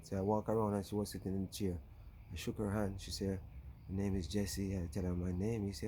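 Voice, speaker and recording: Jamaican man, very low voice, mellow tone, rambling vlog story, faint insect noise outdoors. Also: steady tone, a little fast. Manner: rambling, with frequent "you know". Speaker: YouTuber.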